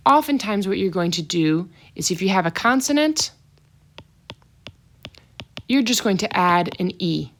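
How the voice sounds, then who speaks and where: A woman teaching a French vocabulary lesson, saying each word twice, then explaining it in brief asides. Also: medium pitch.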